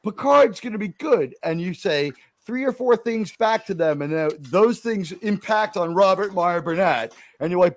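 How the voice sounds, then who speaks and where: This is a man arguing on a live online panel. His voice sits a bit high and the sound is dry and close. He talks in a combative way, firing question after question. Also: expressive, normal speed, hardly any pauses, no echo. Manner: combative, interrupting with pointed questions. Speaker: livestream panelist. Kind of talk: heated panel debate. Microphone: home mic with adjustable gain.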